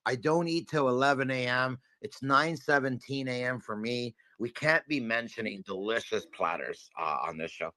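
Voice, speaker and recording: A man's voice: mid-range voice, moderate pace, few pauses, sharp tone, no room sound. Joking man on a dry home mic. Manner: joking, rambling banter. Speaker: co-host. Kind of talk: casual livestream chat.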